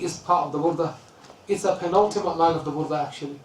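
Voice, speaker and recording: Male religious teacher from the UK, storytelling lecture, chanted verse lines, slightly high voice, roomy echo. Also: fast, a little mellow, a little hiss or hum. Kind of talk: lecture on classical poetry. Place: lesson room. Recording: roomy, distant mic, faint ambience.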